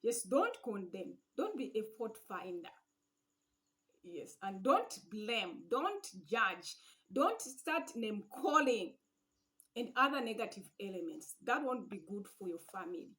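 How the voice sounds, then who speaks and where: A woman hosting a faith-based relationship channel, giving earnest advice in a casual way, repeating her points with "yes" and "you know" and often trailing off softly. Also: medium pitch, very animated, measured pace.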